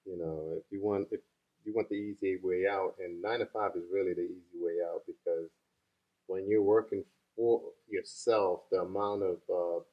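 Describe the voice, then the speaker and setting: Deep-voiced man hosting. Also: fairly even intonation, normal speed, muffled recording. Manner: encouraging, lots of short agreements. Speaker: host. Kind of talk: casual interview.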